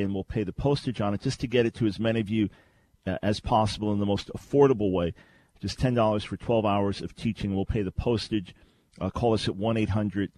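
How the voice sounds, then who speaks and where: A man's voice: fairly low pitch, a little mellow, no room sound. A man hosting a Christian call-in radio show, teaching in an earnest, conversational way with frequent restarts. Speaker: radio talk show host. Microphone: studio microphone.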